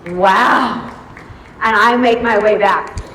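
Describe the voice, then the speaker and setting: A woman giving an animated storytelling speech to a live audience in a large hall, acting out her own reactions. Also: mid-range voice, slow, a little hiss or hum. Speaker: event speaker. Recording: echoey hall from far off, faint ambience.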